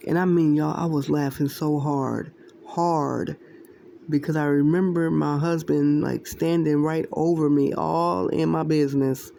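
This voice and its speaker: Slow gravelly woman telling dreams. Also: low voice, level tone, dark tone, slight background noise. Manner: rambling, repeats phrases, often laughs. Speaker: Christian video creator sharing dreams. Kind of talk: casual testimony to viewers.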